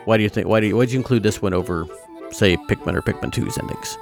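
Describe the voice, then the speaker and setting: A man hosting a podcast in casual chat, relaxed, laughing easily and using many fillers. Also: on the low side, fast talker, gravelly, soft background music. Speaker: podcast host.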